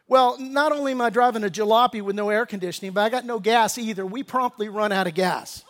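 High-voiced pastor telling a story. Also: male voice. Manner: casual, chatty storytelling with slang; earnest appeal, softer toward the end. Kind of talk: sermon with personal storytelling.

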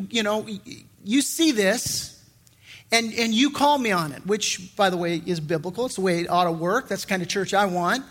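A middle-aged man preaching a sermon as pastor, in a lively conversational way with frequent restarts. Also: sits high, normal speed.

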